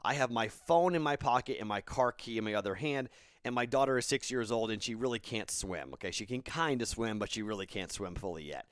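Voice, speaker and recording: A man's voice: lowish voice, expressive, fairly quick, dry recording, clean studio sound. A man in his thirties, a podcast host, telling a casual rambling story and then giving betting picks, tired and self-correcting.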